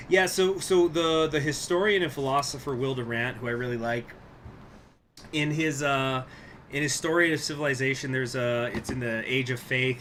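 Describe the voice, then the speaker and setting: Bright-voiced rambling male streamer. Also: medium pitch, a little hiss or hum. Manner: rambling, profane, animated retelling. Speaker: gaming streamer. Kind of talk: casual stream chat, reading aloud. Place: home room.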